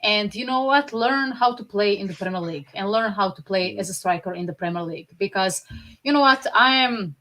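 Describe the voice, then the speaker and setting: Woman, Slavic-born, fan podcast co-host; blunt, temperamental, quick to laugh. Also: medium pitch, a bit bright. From Slavic country. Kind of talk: casual chat.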